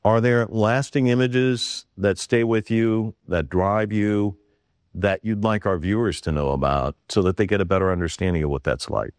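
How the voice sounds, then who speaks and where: A very deep-voiced man interviews a guest with quick, measured questions and the odd filler. The recording is dry and close. He sounds like a studio interviewer. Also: fairly even intonation, no echo.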